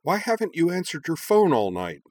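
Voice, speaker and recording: A man's voice: on the low side, lively intonation, measured pace, fairly bright tone. A man voicing an impatient, blunt young woman in a storybook reading. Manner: pushy, urgent.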